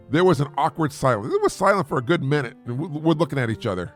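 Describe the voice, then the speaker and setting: A man hosting a podcast, telling listeners a family story in a halting way with frequent restarts and repeated words. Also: on the high side, big pitch swings, fairly bright tone, faint music behind. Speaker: podcast host, single father.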